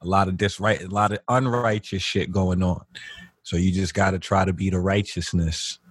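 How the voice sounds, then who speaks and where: A young man co-hosting a podcast, talking in a blunt, animated way full of street slang. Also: deep voice, normal speed, breathy edge, dry recording, clean studio sound. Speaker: podcast co-host. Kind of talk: casual podcast banter.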